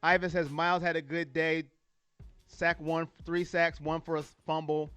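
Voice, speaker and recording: Bright, high-voiced excitable man hosting a stream. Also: unhurried, clear, resonant tone, no room sound, soft background music. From California. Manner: excitable, emotional, laughs easily, greets viewers. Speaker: sports fan livestream host. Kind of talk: casual livestream talk reading chat comments.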